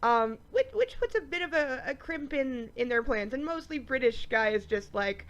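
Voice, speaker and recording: Brief: woman with a fairly high, congested voice, casual TV review vlog, dull home recording. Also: normal speed, few pauses. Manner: chatty and animated, many ums. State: stuffy nose, sniffing. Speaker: TV show reviewer.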